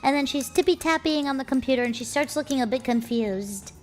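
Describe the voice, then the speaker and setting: A woman's voice: sits high, fairly quick, a little mellow. A young woman streamer telling a story casually, swearing freely and sounding exasperated.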